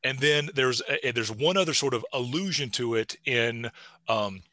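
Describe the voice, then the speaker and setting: Animated man, bright voice. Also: moderate pace, no echo. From East Tennessee. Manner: animated, rising pitch accents. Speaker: linguistics lecturer. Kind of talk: casual seminar talk with anecdotes.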